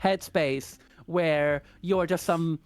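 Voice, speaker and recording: A woman's voice: low voice, slow pace, faint music behind. A woman in her forties from Argentina, a podcast guest chatting casually, joking, teasing and swearing freely. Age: 40s. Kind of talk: casual chat.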